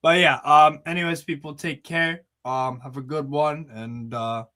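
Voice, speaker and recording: A man's voice: a little high, steady tone, unhurried, bright, forceful tone. A man hosting a casual streamed football chat in a laid-back, easygoing way. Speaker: host.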